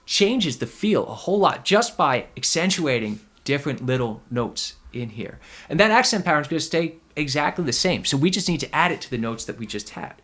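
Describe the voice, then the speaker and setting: A man's voice: a little high, very animated, fairly quick, few pauses, fairly bright tone. A man teaching a ukulele lesson, explaining notes and accents, counting in the beat and singing the sounds of the notes. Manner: counts in and sings note sounds between explanations. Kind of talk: music lesson with counted-in play-along. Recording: ukulele playing in the background.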